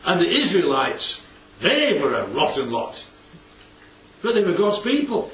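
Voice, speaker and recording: A man's voice: high voice, huge pitch swings, measured pace, fairly bright tone, slight background noise. A man preaching a conversational sermon, often throwing rhetorical questions at his listeners. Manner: chatty, asks the congregation rhetorical questions. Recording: echoey hall, distant, dull mic.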